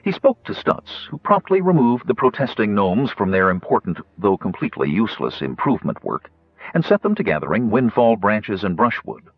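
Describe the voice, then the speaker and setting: A man reading an audiobook as narrator, telling the story in an expressive way. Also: on the low side, normal speed, no echo, muffled recording.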